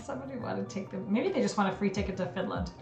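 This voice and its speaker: A woman's voice: medium pitch, very fast, vocal fry, darkish tone, echoey room, soft background music. A woman hosting a casual livestream, chatty and giggly as she reacts to what she reads. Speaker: livestream host. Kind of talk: casual livestream chat reading conspiracy theories.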